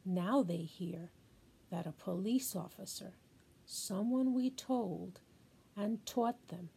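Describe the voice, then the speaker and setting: A woman's voice: medium pitch, warm tone, slight background noise, poor audio. An older woman speaking as a grandmother in an emotional spoken-word monologue, repeating lines and dropping at times to a whisper. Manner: slow, emotional, repetitive, drops to whispers. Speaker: grandmother sharing a message.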